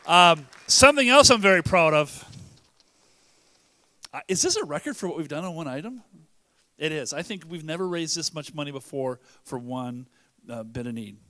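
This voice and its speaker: A man's voice: on the high side, animated, normal speed, sharp tone, a faint crowd. A man emceeing a charity auction, joking and rambling with many restarts. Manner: joking, rambling, self-interrupting. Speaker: event emcee. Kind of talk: casual emcee banter. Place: church hall fundraiser.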